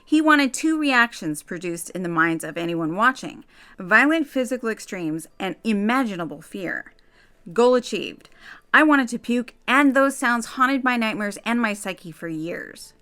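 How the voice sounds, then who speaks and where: A woman's voice: on the high side, animated, a little slow, pushed and bright, smooth. A woman hosting her own video channel, giving chatty and dramatic commentary with casual asides. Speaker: YouTube host. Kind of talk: casual scripted commentary to camera.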